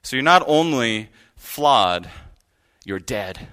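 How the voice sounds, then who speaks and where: Man preaching a sermon, bright and sharp tone, casual earnest delivery. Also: medium pitch, lively intonation, takes it slowly, smooth. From United States. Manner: conversational, earnest storytelling with asides. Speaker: guest preacher. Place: church pulpit.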